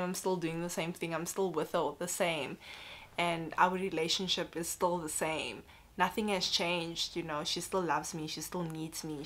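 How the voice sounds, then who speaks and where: A woman's voice: lowish voice, a bit bright. A young woman talking candidly to camera in a casual personal vlog, chatty and full of "like" and "you know". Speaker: vlogger.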